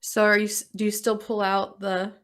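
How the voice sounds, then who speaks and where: A woman narrating as game master of a tabletop role-playing game, describing scenes in an unhurried, descriptive way. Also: medium pitch, monotone.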